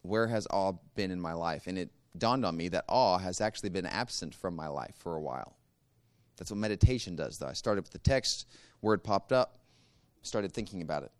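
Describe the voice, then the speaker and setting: A man teaching a church group a guided meditation practice, calm and measured, giving step-by-step instructions. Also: sits low, smooth.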